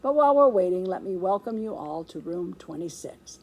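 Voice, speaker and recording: A woman's voice: on the low side, expressive, fairly quick, poor audio. A woman voicing a cheery, kindly schoolteacher in a welcoming tone. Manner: bright, welcoming teacher tone.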